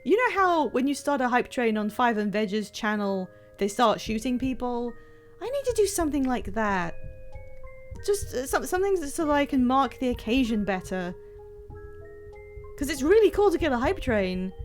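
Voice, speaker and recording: Woman streamer, casual and excitable, bouncy, slightly high voice, self-deprecating chatter, faint game music behind. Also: normal speed. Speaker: livestreamer playing a video game. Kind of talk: casual live-stream chat.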